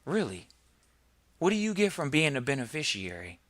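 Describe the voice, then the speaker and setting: Forceful, emphatic male podcast host. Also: fairly high pitch, big pitch swings, moderate pace, no echo. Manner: emphatic, fires rhetorical questions. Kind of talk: preachy podcast monologue.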